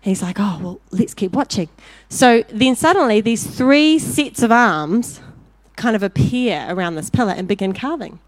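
A woman preaching a sermon, telling a story with lively acted-out voices before turning to direct exhortation. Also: on the high side, normal speed, no room sound. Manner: animated storyteller, acting out voices in anecdotes.

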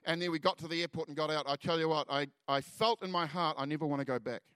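A man telling a personal story in a sermon, earnest and halting, often trailing off softly before lifting into exhortation. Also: fairly high pitch, clean tone, no room sound. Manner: earnest storytelling, halting restarts, soft drops in volume. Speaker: preacher. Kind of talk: sermon testimony.

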